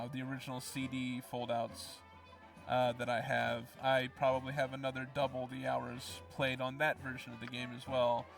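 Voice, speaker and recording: A man's voice: medium pitch, vocal fry, fairly bright tone, recorded from a distance. A young man from the US Midwest giving casual let's play commentary, explaining as he goes with plenty of ums. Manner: rambling, explanatory, lots of ums.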